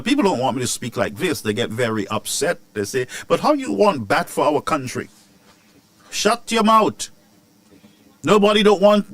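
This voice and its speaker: A man, hosting a news commentary show, ranting about politics with rhetorical questions and sharp asides. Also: sits high, dry recording.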